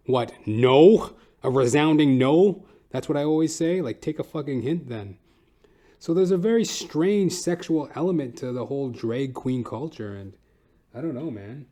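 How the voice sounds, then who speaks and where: A man's voice: animated, normal speed, dark tone. A man hosting a comedy podcast, rambling and swearing through a solo monologue. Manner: profane, rambling, jumps into high silly voices. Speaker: podcast host.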